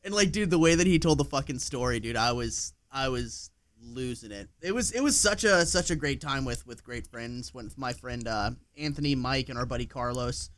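Animated swearing podcast host, man. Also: mid-range voice, normal speed, no echo. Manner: swears freely, animated storytelling. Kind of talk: casual chat.

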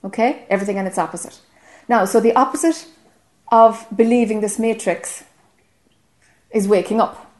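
A woman's voice: mid-range voice, steady tone, moderate pace, pauses often, a little mellow. A woman with an Irish accent giving a spiritual teaching talk to a group, earnest and often checking whether listeners follow.

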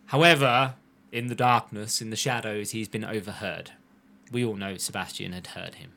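A man recapping an episode in a casual podcast chat, telling it as an animated story and slipping into quick character voices. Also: fairly low pitch, creaky. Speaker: podcast host recapping an anime.

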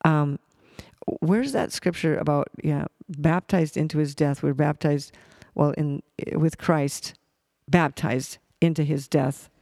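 This Bible teacher works through verses in a conversational but stumbling way, circling back, restarting and using many fillers. His gravelly, fry-tinged voice is a little high for a man, a little mellow and steady in tone, captured close and dry with no room echo.

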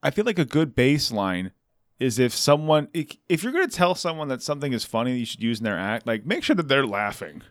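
A man's voice: medium pitch, sing-song, fairly quick, dry recording. A man co-hosts a comedy podcast in loose, joking chat. He rambles and restarts as he talks. The recording is dry and close, with no room sound. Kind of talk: casual chat.

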